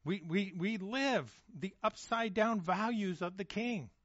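In a dry, lo-fi recording, a pastor with a high, fairly bright voice preaches at an unhurried pace. His sermon is casual and conversational, and he often repeats words as he restarts, checking in with "okay?" and "right?".

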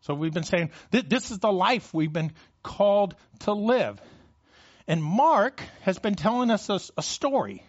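A man's voice: sits high, sing-song, unhurried, highs cut off. A man preaching a sermon as a pastor. He stumbles and repeats words as he starts phrases, and his voice rises when he reads scripture aloud.

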